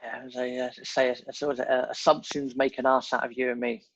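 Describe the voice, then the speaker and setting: A man hosting a podcast interview, relaxed and a little halting as he wraps up. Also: medium pitch, dry recording, lo-fi sound. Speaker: podcast host. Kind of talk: casual interview.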